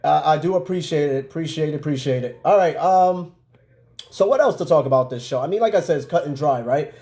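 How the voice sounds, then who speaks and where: A middle-aged man with a New York accent talks loosely to his viewers. His voice sits a touch high but sounds dark and mellow. He rambles in easy, unscripted chat and scatters fillers as he goes. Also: brisk. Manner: loose, chatty, frequent fillers and asides to viewers. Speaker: podcast host. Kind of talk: casual live-stream chat.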